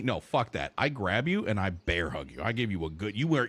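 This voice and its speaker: A man's voice: on the low side, a little fast. A man streaming and chatting casually with his viewers, rambling and swearing freely. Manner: profane, rambling, animated. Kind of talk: casual livestream chat while gaming.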